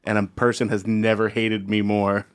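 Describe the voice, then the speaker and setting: A man's voice: lowish voice, flat delivery, moderate pace, clear, resonant tone. A man on a comedy podcast, casually telling a rambling anecdote with restarts and asides. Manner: rambling anecdote with frequent restarts and quoted voices. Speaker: podcast co-host.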